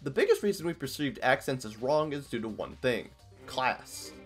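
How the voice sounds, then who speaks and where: A man's voice: mid-range voice, very animated, moderate pace, breathy edge. A man from Iowa, narrating an educational video in a casual, joking way. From Iowa, US Midwest. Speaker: video essay host. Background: faint background music.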